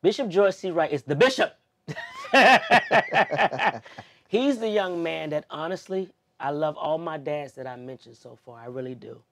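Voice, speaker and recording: A young adult man as an interview guest, speaking heartfelt and expressive, moving between loud emphasis and soft, near-tearful moments. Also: a little high, a little fast, vocal fry, few pauses. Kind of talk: emotional personal interview.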